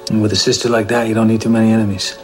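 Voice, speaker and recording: An actor playing a man who helps piece together a murder case in a film drama, with a flat, wry delivery. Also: fairly low pitch, rapid-fire, soft background music, lightly acted. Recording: film clip with score underneath.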